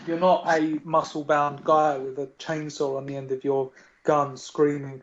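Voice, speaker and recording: A man talks animatedly in a casual podcast chat, building long arguments and leaning on "you know". His voice sits a little high for a man. The sound is dull and lo-fi. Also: unhurried. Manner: animated, argues his points at length, many fillers like "you know". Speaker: podcast co-host.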